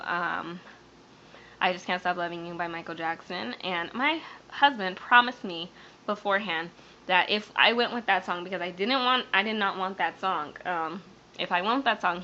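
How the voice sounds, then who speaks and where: A woman's voice: fairly low pitch, bright, forceful tone, a little hiss or hum. A young woman vlogger, tearful and rambling, telling a personal story to camera with many fillers and restarts. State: teary, near crying. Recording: dull lo-fi webcam sound.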